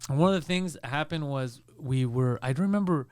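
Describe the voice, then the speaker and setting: A man co-hosting a podcast, telling a rambling, animated story and acting out the voices of the people in it. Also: mid-range voice, fairly quick, clean tone, no room sound, clean studio sound. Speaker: podcast co-host. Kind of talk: casual storytelling chat.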